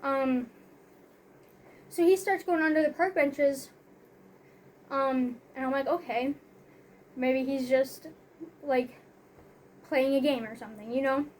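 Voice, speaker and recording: A young woman with a high, light voice tells a personal story in a loose, rambling way. Her talk is packed with "like", "you know" and "um" as she goes. A faint hiss sits under her voice. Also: takes it slowly, pauses often. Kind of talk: casual storytelling.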